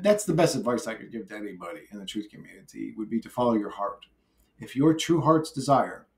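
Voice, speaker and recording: A man vlogging alone in a brash, rambling monologue, swearing freely and laughing often. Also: medium pitch. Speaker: YouTuber. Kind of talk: rambling solo vlog monologue.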